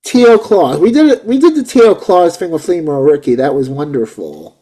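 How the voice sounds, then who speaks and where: A man in his forties hosts a casual chat in a fairly high voice that rises and falls a lot. He gets excited easily, rambles and repeats himself. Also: normal speed. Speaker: host.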